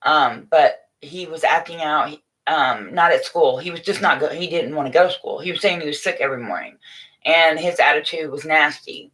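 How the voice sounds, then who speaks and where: A middle-aged woman hosting a casual morning livestream, chatting warmly and motherly with viewers from a room at home, with frequent restarts. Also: low-pitched, normal speed. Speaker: livestream host. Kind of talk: casual live chat to viewers.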